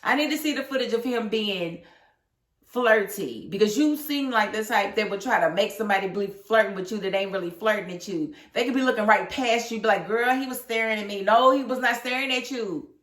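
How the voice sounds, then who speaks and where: A woman's voice: medium pitch, brisk. A woman with a mid-range voice reviews a reality TV episode in a casual, sassy way. She talks back at the people on screen with plenty of attitude. The room gives her voice a noticeable echo. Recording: echoey room.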